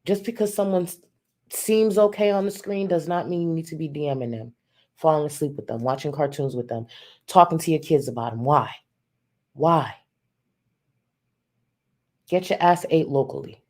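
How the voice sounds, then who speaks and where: A woman's voice: sits low, moderate pace, pauses often, a little mellow. Blunt, sassy woman streamer. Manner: blunt, sassy and profane, bursts of laughter. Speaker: live streamer. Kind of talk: live-stream commentary.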